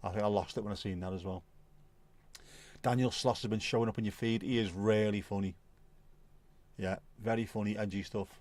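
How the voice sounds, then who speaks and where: A middle-aged man hosts a livestream, casually chatting and reading viewer comments while laughing and swearing often. His fairly low voice is a little mellow, with fairly even intonation, a slightly quick pace, and frequent pauses.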